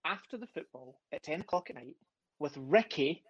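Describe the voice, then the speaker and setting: A man's voice: a little high, lively intonation, normal speed, husky, no echo, muffled recording. A man co-hosting a podcast, teasing and swearing freely in casual banter. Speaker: podcast co-host.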